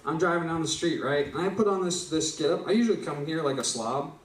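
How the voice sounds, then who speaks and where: Young man, stand-up storytelling, profane and rambling, slightly high voice, echoey room, heard from afar. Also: fast talker, a little hiss or hum. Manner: rambling, profane, keeps asking "right?". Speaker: open mic performer. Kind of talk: stand-up storytelling at an open mic. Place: small live venue stage. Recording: echoey room, distant mic.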